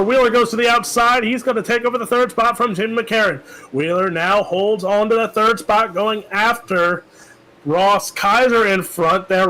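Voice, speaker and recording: A man giving joking, quick play-by-play commentary on a sim race. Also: high-pitched, bright, forceful tone, poor audio.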